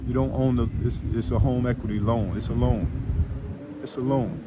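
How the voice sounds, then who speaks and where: Man, financial coach, emphatic and repetitive, mid-pitched, outdoor traffic noise behind. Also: fairly even intonation, moderate pace. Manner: repetitive, emphatic, rhetorical questions. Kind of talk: casual talk to camera.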